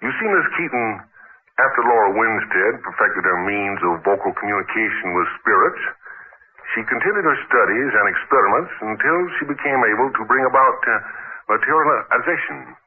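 An actor playing an effusive old-fashioned society gentleman who believes in a medium, in 1940s radio acting style, theatrical and gushing. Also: mid-range voice, lively intonation, a little fast, a little hiss or hum, lightly acted. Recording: tinny old radio broadcast recording.

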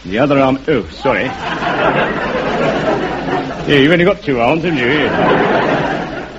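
A man's voice: mid-range voice, expressive, a little slow, over a noisy crowd, close to an everyday voice. A man playing a chirpy, cheeky tailor with a Cockney accent in a 1950s radio comedy, in a dull, very hissy old radio recording.

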